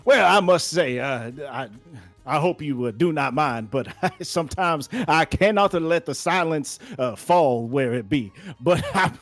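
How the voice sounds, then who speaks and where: A man doing a jolly Southern gentleman. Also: on the high side, animated, a little slow, no echo, faint music behind. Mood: jovial. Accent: American Southern. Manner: folksy drawl, repeats "I say, I say", chuckles often. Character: boisterous Southern gentleman, jovial and chatty. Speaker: game master.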